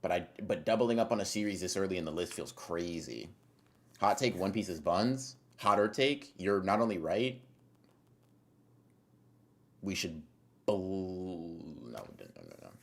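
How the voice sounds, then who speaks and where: A man with a deep, low voice chats on a live stream. He reads chat messages aloud and answers them in a relaxed, slangy way. He rambles, restarts his sentences and swears casually. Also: normal speed, long pauses. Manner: laid-back, slangy, rambling with fillers and restarts.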